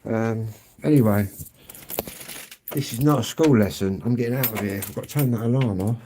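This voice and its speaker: A man's voice: fairly low pitch, normal speed, noisy background. Rambling English man chatting on a stream. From England. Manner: rambling, chatty, frequent throat-clearing. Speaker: live-streamer. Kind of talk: casual live-stream chat answering viewers. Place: outdoors on an evening street walk.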